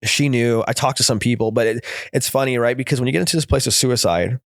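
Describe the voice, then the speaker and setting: A man, a therapist in recovery, telling his personal story as a guest in earnest, rapid present-tense bursts. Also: mid-range voice, steady tone, no room sound, studio quality.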